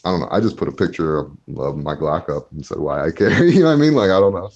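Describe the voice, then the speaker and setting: A man hosts a casual podcast in a deep, expressive, darkish voice, talking fast over lo-fi sound. He reads out chat comments, swears freely, laughs often, and gets heated.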